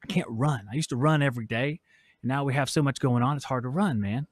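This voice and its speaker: Reading viewers' chat aloud and joking, a man in his 40s hosts a relaxed live stream from his workshop as a podcast host. He talks quickly in a mid-range voice and changes microphones partway through. The studio sound is clean, with no echo.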